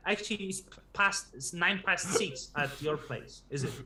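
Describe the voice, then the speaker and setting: Halting, echoey male livestream guest. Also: high-pitched, very noisy. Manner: halting, repeats words while building sentences. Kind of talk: casual livestream chat. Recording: echoey room.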